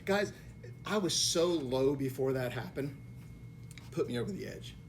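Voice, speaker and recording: A man giving a motivational talk to a group of realtors, telling a personal story dramatically, dropping to hushed tones and then bursting out loudly. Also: lively intonation, a little slow, gravelly, a little hiss or hum. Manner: dramatic, swings between hushed low tones and loud outbursts. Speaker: mortgage lender speaking to realtors. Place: real estate office meeting room.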